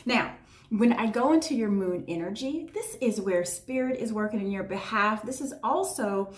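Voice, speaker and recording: A woman's voice: medium pitch, lively intonation, normal speed. A woman giving a tarot reading to her viewers, talking in an effusive, emotional way and often checking in with "right?". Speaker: tarot reader. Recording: echoey room.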